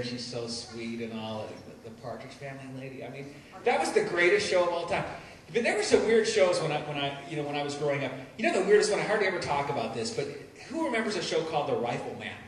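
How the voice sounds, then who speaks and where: A man's voice: mid-range voice, recorded from a distance. A man doing a stand-up comedy set, rambling and self-deprecating, often stumbling and restarting his sentences. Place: live comedy venue. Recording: echoey live room mic, noisy.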